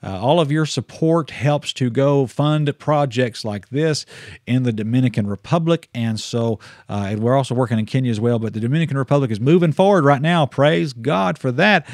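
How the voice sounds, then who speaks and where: A man's voice: mid-range voice, darkish tone, dry recording, clean studio sound. Chatty man hosting a missionary livestream. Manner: chatty and folksy, breaks into praise and laughter. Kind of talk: casual livestream talk.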